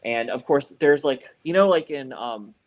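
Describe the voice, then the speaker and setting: Here a man co-hosting a podcast chats at a moderate pace in a mid-range voice. He's telling a story that meanders, full of curse words and endless "like"s and "you know"s.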